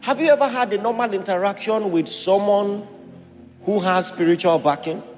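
A Nigerian man preaching a sermon as a pastor, animated and acting out voices in his stories. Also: high-pitched, normal speed, in a large hall, soft background music.

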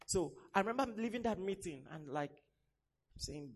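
A man's voice: high voice, moderate pace. A young man preaching a sermon, telling stories and acting out the voices of the people in them. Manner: animated storytelling, acts out quoted voices.

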